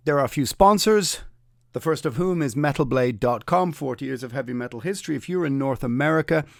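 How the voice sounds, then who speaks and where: A man's voice: mid-range voice, lively intonation, fairly quick, vocal fry, no room sound, studio quality. A middle-aged Irish man hosting a solo podcast rant, opinionated and sardonic with mocking asides. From Ireland. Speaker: podcast host.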